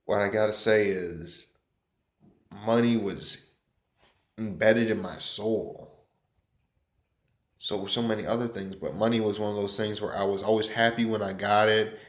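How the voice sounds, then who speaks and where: A man's voice: on the low side, fairly even intonation, unhurried, long pauses. A man talking through a casual rant, rambling and profane. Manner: rambling, profane, loud opening hype. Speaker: vlogger. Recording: echoey room.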